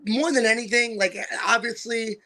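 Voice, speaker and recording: Guy hosting a podcast, fast animated storytelling, high bright voice. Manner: animated, acts out voices of people in his stories. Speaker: podcast host and wrestling promoter. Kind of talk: casual storytelling chat.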